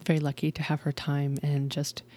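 A woman's voice: deep voice, completely flat delivery, a little fast, warm tone. A chatty woman in her thirties hosts her own podcast. She talks in a bubbly, rambling way, with lots of "um" and "like". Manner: chatty, bubbly, frequent laughs and fillers. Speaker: podcast host. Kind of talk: casual podcast intro and interview.

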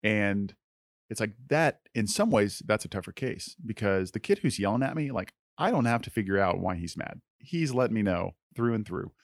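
A man co-hosting a faith-based podcast about mentoring youth, talking in a relaxed way with lots of "like" and soft trailing endings. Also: on the low side, normal speed, no echo, studio quality. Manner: relaxed and conversational, full of "like", trails off softly.

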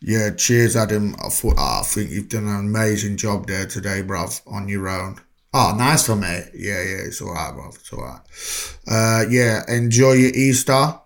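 A man's voice: lowish voice, animated, normal speed, pitched below the performer's own voice. A man doing a Cockney impression of his podcast co-host, matey and slangy with a drawl. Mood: laid-back. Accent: Cockney (put on).

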